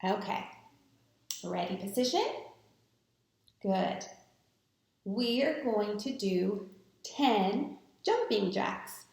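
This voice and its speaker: A woman teaching a recorded math lesson to students, talking in a slow, patient, encouraging way. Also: mid-range voice, expressive, gravelly, darkish tone. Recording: echoey room.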